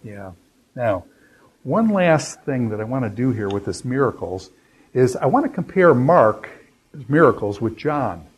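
Male Bible teacher, husky voice, mid-range pitch, relaxed lecturing with restarts. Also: measured pace, low-quality recording. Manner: conversational, many fillers and restarts, quotes scripture. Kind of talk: unscripted classroom lecture.

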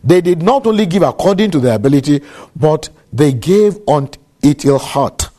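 A man preaching a sermon, measured and deliberate, repeating key phrases for emphasis. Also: on the high side, lively intonation, warm tone.

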